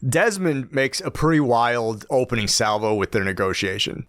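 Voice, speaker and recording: A man co-hosting a casual podcast, acting out scenes in quick mock voices, swearing and laughing often. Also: mid-range voice, a bit bright. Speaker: podcast co-host. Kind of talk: casual chat recapping a TV episode. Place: Los Angeles home podcast setup.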